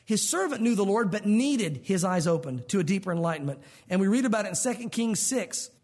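A man preaching a sermon, his voice high and a little husky. He talks in an animated way and slips into the voices of the people in the stories he tells. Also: brisk. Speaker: pastor.

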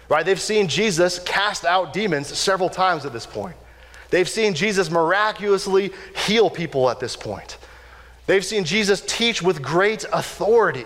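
A man preaching a conversational sermon, casual and animated, often repeating and restarting words as he acts out quoted lines. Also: sits high, normal speed. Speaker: pastor. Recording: long reverb of a large hall.

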